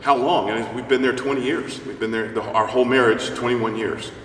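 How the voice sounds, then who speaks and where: A middle-aged opera singer, guesting on a casual interview in a church, tells animated stories full of jokes and tangents. His voice is mid-range and a bit quick; the mic is distant in the roomy church hall, with faint hiss.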